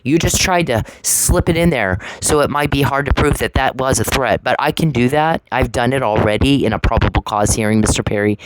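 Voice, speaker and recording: Background noise runs under this extremely low female voice as she vents directly at an adversary on camera. The vlog rant is angry, confrontational, sarcastic and profane, and she keeps repeating herself.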